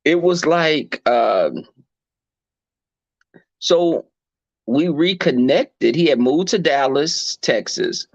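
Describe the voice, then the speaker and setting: A man telling a candid personal story in a blunt, animated and profane way. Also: a little high, very slow, long pauses, no echo, muffled recording. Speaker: podcast host.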